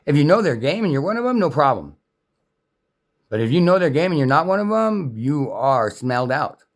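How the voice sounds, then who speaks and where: A man's voice: a little high, very animated, moderate pace. A man in an angry, unscripted rant, talking in a heated, profane and repetitive way.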